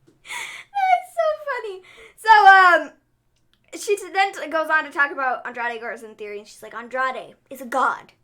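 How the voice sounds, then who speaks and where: A woman co-hosting a casual chat show, her voice high and swinging widely in pitch. She giggles often and restarts her sentences as she talks. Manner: giggly, animated, halting with restarts. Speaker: co-host of a wrestling recap show.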